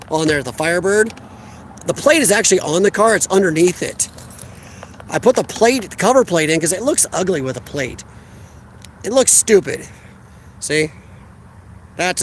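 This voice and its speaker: A man with a high-sitting voice chats casually on a phone live stream outdoors beside a parked car, rambling and answering viewers' comments. There's a little hiss or hum on the audio.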